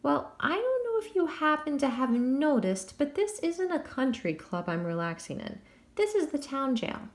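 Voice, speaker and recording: A woman's voice: sits high, big pitch swings, normal speed, pitched above the performer's own voice. A woman voicing a cocky young English man locked in a jail cell, boastful and swaggering.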